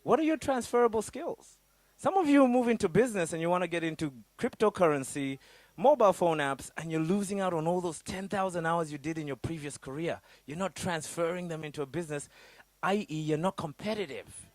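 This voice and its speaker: A middle-aged man from Africa giving a motivational business workshop, swinging between loud high bursts and low quiet asides. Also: a little fast, no room sound. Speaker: business coach.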